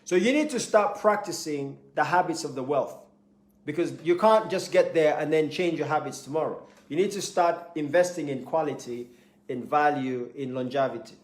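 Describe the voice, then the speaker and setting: A man's voice: a little high, moderate pace. A man giving a motivational talk, emphatic, repeating key points and acting out little scenes. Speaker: motivational speaker. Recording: echoey room.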